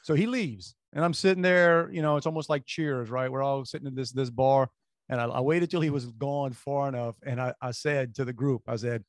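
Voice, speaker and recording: A man's voice: mid-range voice, fairly quick, no room sound. Guy rambling through an airport story, dry close mic, lots of restarts. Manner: rambling, animated anecdotes with restarts. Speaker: radio show co-host. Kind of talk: casual storytelling chat.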